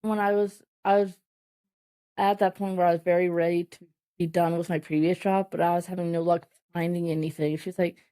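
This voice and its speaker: Mellow-voiced woman in her thirties, halting. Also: lowish voice, level tone, smooth. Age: 30s. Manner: halting, full of "like" and restarts. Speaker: podcast guest. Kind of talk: candid conversational interview.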